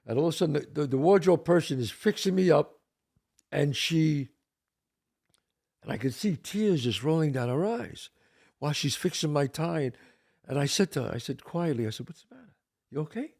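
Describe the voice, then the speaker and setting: An older man, co-host of a casual talk show, telling stories with lively gestures and acting out the people he quotes. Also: fairly high pitch, moderate pace, creaky, long pauses. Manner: animated, acts out quoted voices. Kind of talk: casual storytelling chat.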